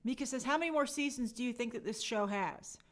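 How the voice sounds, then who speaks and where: A woman's voice: a little high, fast. A young adult woman hosting a casual review show, reading viewer comments aloud and acting out quotes in playful voices. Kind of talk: casual live chat review.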